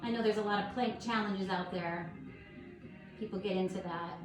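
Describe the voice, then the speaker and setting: A woman guiding a yoga class at home, calm and encouraging as she talks listeners through each pose. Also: medium pitch, normal speed. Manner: calm, encouraging, gently instructive. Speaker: yoga instructor. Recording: echoey room with faint music.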